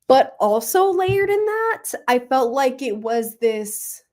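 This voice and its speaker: A young woman hosting a book club, talking casually and emotionally about a novel, with many fillers and pauses to think. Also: high-pitched, very animated, a little mellow. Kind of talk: casual book review livestream.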